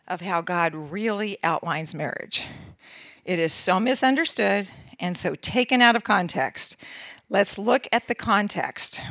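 A woman's voice: mid-range voice, a bit bright, no room sound. A woman in her sixties giving a sermon-style talk, mixing scripture with funny personal stories and laughing often at herself. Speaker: women's ministry speaker.

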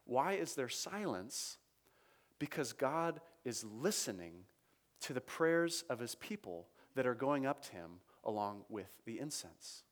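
A man's voice: mid-range voice, big pitch swings, a little slow. A man preaching a sermon, teaching through scripture in a conversational way, reading verses aloud with emphasis and checking in with his listeners.

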